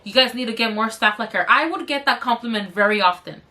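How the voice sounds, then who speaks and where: A young woman vlogger telling a workplace story while doing her makeup, animated and swearing freely, her throat slightly strained. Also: a little high, fast talker. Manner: animated, swearing, addresses viewers as you guys. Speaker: beauty vlogger.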